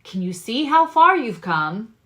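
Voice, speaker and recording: A woman in the middle of a casual tarot reading, talking straight to her viewers. Her voice is bright and forward, and she stays chatty and animated throughout. She swears casually and moves from loud, emphatic bursts to quiet asides. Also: on the high side, unhurried. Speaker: tarot reader and astrologer.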